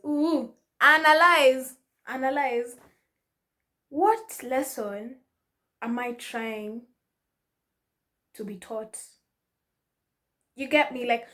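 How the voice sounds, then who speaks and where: High-voiced woman vlogging. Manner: animated, mixes in Swahili slang, laughs often. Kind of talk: casual advice talk to camera.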